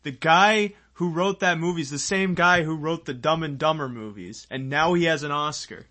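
A man as co-host in casual chat, eager with film trivia and quick interjections. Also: fairly high pitch, sharp tone.

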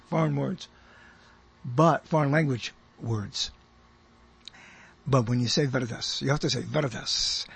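High husky older man hosting radio. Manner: chatty and self-amused, rambles with frequent chuckles and restarts. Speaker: radio show host. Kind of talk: rambling radio monologue.

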